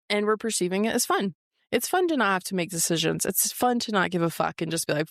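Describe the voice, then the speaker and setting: A woman's voice: on the low side, lively intonation, brisk, creaky, no echo, clean studio sound. A woman in her forties hosting her own podcast, talking frankly and confessionally, swearing freely. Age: 40s. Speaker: podcast host. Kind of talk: candid solo podcast monologue. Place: office.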